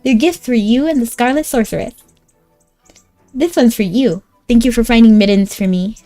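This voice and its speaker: A woman's voice: fairly high pitch, normal speed, warm tone, faint music behind, lightly acted. A woman voicing a small, earnest village girl who lost her cat and asks for help. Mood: grateful. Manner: earnest, pleading.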